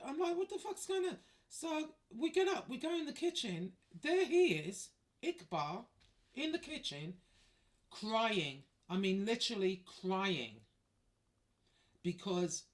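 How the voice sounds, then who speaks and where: A woman telling a personal story in a chatty, wry way, swearing freely. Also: medium pitch. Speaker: vlogger. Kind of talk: casual storytelling.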